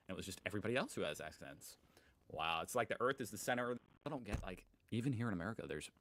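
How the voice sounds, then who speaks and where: A young man with a fairly low voice reads posts aloud and comments on them. His delivery is sarcastic and amused, in a loose, chatty way. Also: fairly bright tone, slight background noise, poor audio. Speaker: host.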